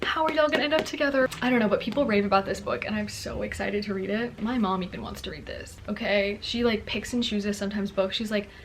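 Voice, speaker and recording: A woman's voice: medium pitch, quick pace, hardly any pauses, a little hiss or hum. A young woman chatting casually to camera as a book vlogger, bubbly and full of fillers. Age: young adult. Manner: bubbly, chatty, lots of "like" and "girlie".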